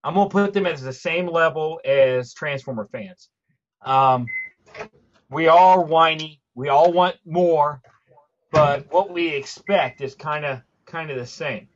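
Animated man in a casual chat, slightly high voice, muffled lo-fi audio. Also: measured pace. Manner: animated, acts out characters, joking. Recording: dull lo-fi sound.

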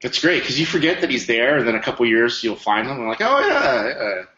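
A man's voice: medium pitch, fast talker, pushed and bright. A man chatting easily on a podcast and laughing along. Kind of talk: casual chat about retro cartoons and toys. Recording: dull lo-fi roomy sound.

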